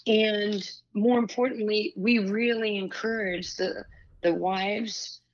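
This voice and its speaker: A woman's voice: mid-range voice, takes it slowly. Storytelling woman in her sixties, lo-fi. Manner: animated storyteller, many asides and restarts. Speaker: former pro basketball player and broadcaster, guest. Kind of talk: candid storytelling conversation.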